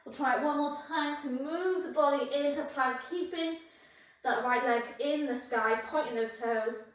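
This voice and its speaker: High-voiced woman teaching yoga, out of breath, encouraging, lots of room echo, mic kinda far. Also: moderate pace. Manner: encouraging, cueing poses and breaths. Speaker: yoga instructor. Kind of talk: guided yoga class instruction.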